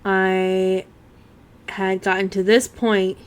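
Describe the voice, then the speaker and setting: A woman's voice: medium pitch, flat delivery, slow pace, clean tone. A woman casually chatting and thinking aloud while livestreaming a cozy farming game. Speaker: gaming streamer. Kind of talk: casual gameplay commentary.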